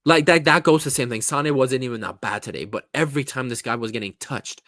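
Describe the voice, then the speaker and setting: A blunt, foul-mouthed man from California, ranting about a football match in a casual, mocking way. His voice sits at a middle pitch for a man. The sound is dry and close, with no room echo. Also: quick pace, bright, forceful tone. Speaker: football reaction vlogger.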